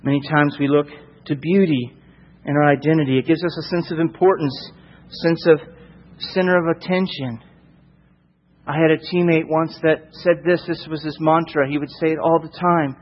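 A man's voice: fairly high pitch, fairly even intonation, normal speed, big-room sound, muffled recording, a little hiss or hum. A male preacher delivering a sermon emphatically, with repeated rhetorical questions.

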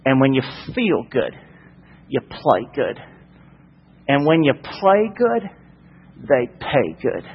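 A man imitating a big, strapping teammate from North Carolina, speaking a slow rhyming mantra with a North Carolina accent. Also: medium pitch, huge pitch swings, gravelly, husky, in a large hall, dull audio, pitched below the performer's own voice, heavily acted. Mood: boastful. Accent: North Carolina, put on.

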